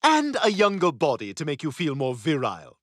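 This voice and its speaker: A man's voice: on the high side, huge pitch swings, fairly quick, a bit bright, no room sound, studio quality, exaggerated voice. An actor voicing a snobbish, catty toddler boy who talks in a pompous, sarcastic way. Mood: smug.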